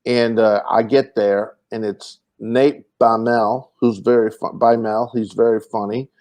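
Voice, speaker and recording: Animated man telling stories. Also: on the low side, a little slow. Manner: animated storyteller, acts out quotes, many fillers and restarts. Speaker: comedian telling road stories. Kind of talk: casual podcast chat.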